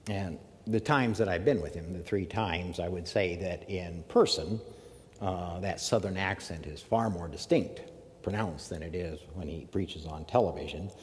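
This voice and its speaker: A man from the American South giving a measured academic lecture, with emphatic phrasing and pauses. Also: sits low, long reverb tail. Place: lecture hall.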